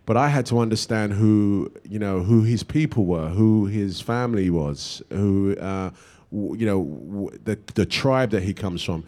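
A low-pitched British man in middle age answers questions from an audience. He talks in a loose, rambling way, full of restarts and fillers. He sounds easygoing and unhurried. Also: mellow. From England. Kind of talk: casual Q&A answers.

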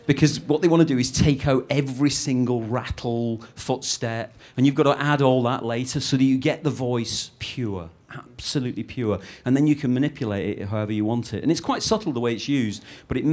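A middle-aged man from Britain, a film director answering interview questions in a rambling, lively way with many restarts. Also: medium pitch, fairly quick, few pauses.

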